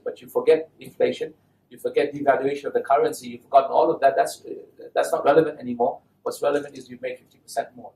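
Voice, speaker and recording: A man giving a lively talk to an audience, often asking the listeners questions. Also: mid-range voice, fast, gravelly. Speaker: Islamic speaker giving a talk. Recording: echoey hall, mic at a distance.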